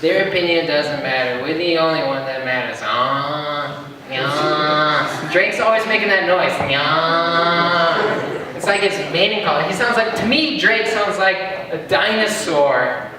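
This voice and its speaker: A young man doing a stand-up comedy set, deadpan and chuckling at his own jokes. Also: a little high, takes it slowly, a crowd in the background. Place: open-mic stage in a hall. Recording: echoey hall recorded from far off.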